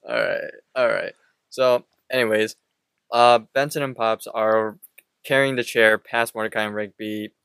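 A man with a lowish, smooth, resonant voice recaps a cartoon's plot on a podcast. He talks in a relaxed way, stepping through scenes with fillers. The sound is close and dry. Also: a little slow, no echo. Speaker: podcast co-host. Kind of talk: casual chat recapping a cartoon episode.

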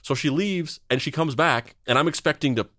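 A man's voice: on the high side, fairly quick, pushed and bright, no echo, studio quality. A man in his thirties hosting a podcast in casual chat, rambling along with many restarts and repeated words. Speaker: podcast host.

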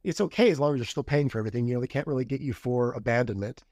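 A man's voice: medium pitch, very fast, darkish tone, dry recording, clean studio sound. Candid middle-aged man telling his story. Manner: candid, acts out quoted dialogue. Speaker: podcast guest. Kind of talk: casual interview storytelling.

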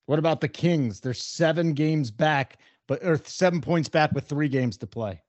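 A man hosting a casual sports talk show, opinionated and brisk as he weighs odds and teams. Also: on the high side, a little mellow, dry recording. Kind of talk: casual sports radio chat.

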